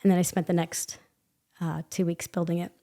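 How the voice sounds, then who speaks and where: A woman guest telling a personal story in an animated way, laughing often and acting out quoted voices. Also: fairly low pitch, fairly quick. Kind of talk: conversational storytelling.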